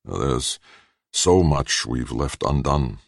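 A man with a very deep, gravelly voice voicing a somber older professor who mutters. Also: lively intonation, slow, dry recording, studio quality, full character voice. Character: older male professor, heavy-set, brooding.

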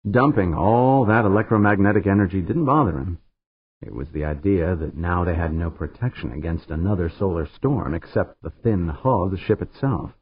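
A man narrates an audiobook in a low, husky voice that rises and falls freely. The sound is narrow and phone-like. There is no room echo at all. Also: lively intonation, moderate pace. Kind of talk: scripted narration.

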